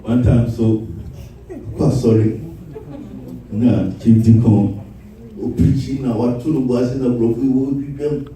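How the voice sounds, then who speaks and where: A man preaches at a slow, unhurried pace with a dark, mellow tone, and he breaks into playful storytelling. He stands some way from the microphone. His voice rings through a very echoey space. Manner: animated storytelling, shifting into high mimicking voices. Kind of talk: humorous sermon with acted quotes. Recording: roomy echo, voice far from the mic.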